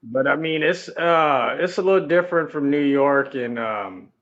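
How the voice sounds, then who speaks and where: A man talking as a podcast guest and truck driver, relaxed and streetwise, swearing freely. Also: fairly high pitch, moderate pace, highs cut off. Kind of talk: casual chat. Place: on the road, remote call.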